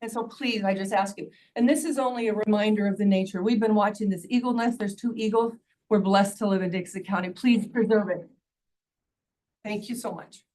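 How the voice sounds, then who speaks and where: A woman's voice: medium pitch, fairly even intonation, a little fast, a little mellow. A woman in her sixties giving earnest, pleading public testimony at a county hearing. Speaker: public commenter. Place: county meeting room. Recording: distant mic, faint background noise.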